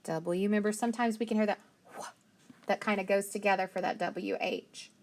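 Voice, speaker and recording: A woman's voice: mid-range voice, steady tone, brisk. A woman teaching a phonics and spelling lesson, patiently sounding out letters and praising each answer.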